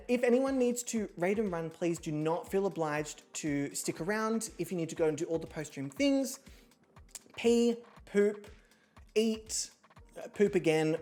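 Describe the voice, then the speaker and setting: Chatty swearing woman streamer. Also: medium pitch. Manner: chatty, swears freely, self-deprecating, bursts into loud excited outbursts. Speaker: streamer hosting an online reality show. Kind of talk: casual livestream chat.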